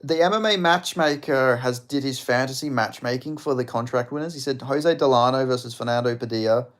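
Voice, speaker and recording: Hosting a fight watch-along, this young man speaks in a mid-range voice that's a bit bright and a little fast. It's casual live-stream chat full of swearing, jokes with viewers and frequent laughter.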